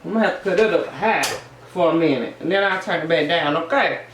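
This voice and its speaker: A woman's voice: fairly low pitch, quick pace. A woman hosting a casual eating vlog, playful and sing-song, calling her viewers honey. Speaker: mukbang vlogger. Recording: echoey room, faint background noise.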